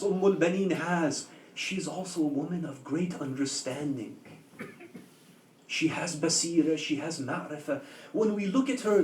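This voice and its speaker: A man's voice: high-pitched, darkish tone, a little hiss or hum. A man preaching a sermon, retelling a story with emotion and rhetorical questions, in a community hall. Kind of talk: sermon narration. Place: community religious center hall. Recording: roomy, distant mic in a hall.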